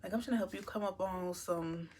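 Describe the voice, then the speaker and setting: A lower-voiced woman who drives trucks rambles candidly to her camera, stretching out phrases as she works through a long story. Her talk is loose and unpolished, and a faint background hum runs underneath it. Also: a little fast, darkish tone.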